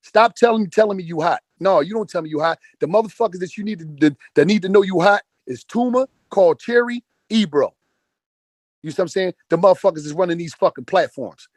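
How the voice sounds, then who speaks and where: Man in his forties, rapid and raised, preaching hustle with relentless profanity. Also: high voice, animated, no echo. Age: 40s. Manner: profane, emphatic, repeats phrases for emphasis. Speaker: speaker in an online audio chat room. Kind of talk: motivational rant.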